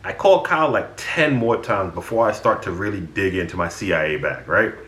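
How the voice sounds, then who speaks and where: A man with a low, bright-edged voice tells stories about his friends with lots of swing in his pitch. He sounds exasperated and swears freely, and the recording has a noticeable room echo. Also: lively intonation, fairly quick. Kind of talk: casual storytelling.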